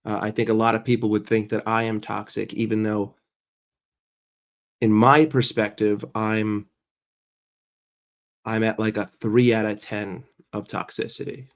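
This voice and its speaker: A man's voice: on the low side, level tone, unhurried, pauses often. Sick male livestream host chatting. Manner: chatty, addresses the chat by name, repeats himself. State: sick and congested. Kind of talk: casual livestream chat.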